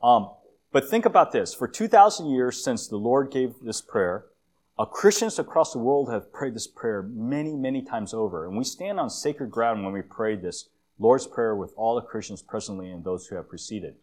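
A man giving a conversational church sermon with slides, a self-described long-winded speaker who often fills pauses and restarts phrases. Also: medium pitch, lively intonation, darkish tone. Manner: conversational, with frequent fillers and restarts. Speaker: guest preacher.

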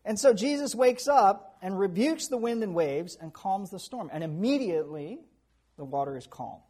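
A man preaching a sermon who tells animated stories with chuckles and asides. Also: high voice, moderate pace, husky. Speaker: pastor.

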